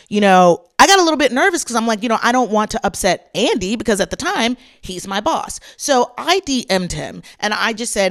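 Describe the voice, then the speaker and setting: A woman's voice: a little high, brisk, hardly any pauses. Sassy chatty woman with a lilt. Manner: sassy, animated, chatty with fillers. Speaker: podcast host. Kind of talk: casual chat commentary.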